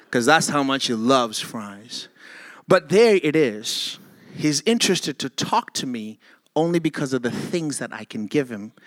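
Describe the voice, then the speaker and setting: A man preaching a sermon with impassioned delivery that rises to near-shouting and then drops to soft asides. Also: mid-range voice, no echo.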